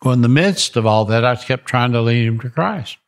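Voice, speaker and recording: An older man, a ministry founder, telling stories in an animated interview and repeating phrases for emphasis. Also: mid-range voice, brisk. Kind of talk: storytelling interview.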